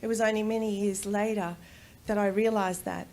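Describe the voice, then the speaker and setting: A middle-aged Australian woman giving a personal storytelling talk at a conference, animated and quick to laugh. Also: mid-range voice, slight background noise. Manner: animated, laughs often, acts out voices in quotes. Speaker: conference speaker. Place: conference room.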